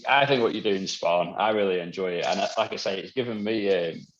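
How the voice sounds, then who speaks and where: A man with a very low voice, talking as a guest on a casual podcast. He rambles, swears freely and laughs easily. The recording sounds dull and lo-fi. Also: quick pace.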